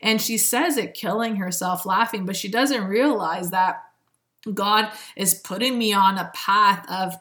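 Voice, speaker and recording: A woman's voice: medium pitch, measured pace, fairly bright tone. A woman speaking as a spiritual self-help speaker in a motivational monologue, earnest and preachy, often breaking into laughs.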